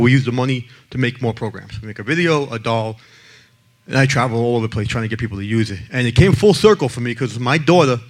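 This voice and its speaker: This mid-range male voice belongs to a blunt, brash advocate for child abuse prevention addressing an audience. His talk is full of joking stories in which he plays the other characters.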